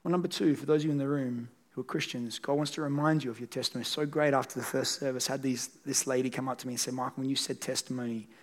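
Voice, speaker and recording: A man's voice: mid-range voice, fairly even intonation, rapid-fire, few pauses. A man preaching a sermon as pastor, speaking earnestly and directly to his congregation in a church service. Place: church service in a large room.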